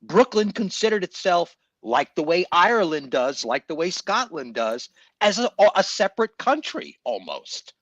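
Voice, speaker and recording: Pria bersuara tinggi dengan audio kering dan redup. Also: male voice, high-pitched, very animated, normal speed, a bit bright, dry recording. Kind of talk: casual panel chat. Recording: dull, dry, lo-fi audio.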